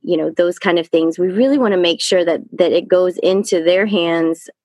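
A woman who works as a lactation consultant, talking in an upbeat, warm way in casual conversation. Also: lowish voice, normal speed, no room sound.

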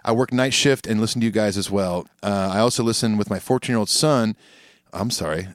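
A man's voice: on the low side, fairly quick, dry recording, studio quality. A man co-hosting a podcast in casual chat, laid-back and joking as he reads listener emails. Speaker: podcast co-host. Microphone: studio microphone.

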